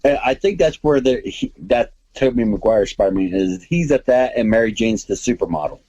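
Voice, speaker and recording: A man guesting on a casual movie chat, relaxed, retelling scenes by quoting characters. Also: lowish voice, normal speed, no echo, highs cut off.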